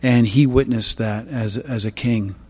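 A man giving a sermon, opening with prayer and then telling Bible stories in a halting way with many fillers. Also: medium pitch, a little mellow, breathy edge, in a large hall. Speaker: preacher.

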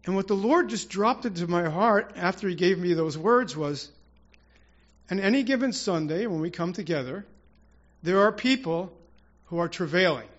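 A man's voice: high voice, animated, normal speed, lo-fi sound. A man preaching an informal, rambling sermon to his congregation, with prayerful asides and restarts. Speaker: church speaker.

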